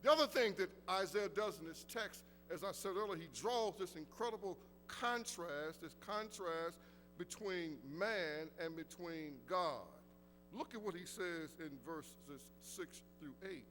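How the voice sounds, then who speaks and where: High-voiced pastor preaching in a reverberant hall. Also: male voice, fairly bright tone, a little hiss or hum. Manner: preaching with rising emphasis and dropping low at phrase ends; reads scripture aloud slowly and deliberately. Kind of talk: sermon.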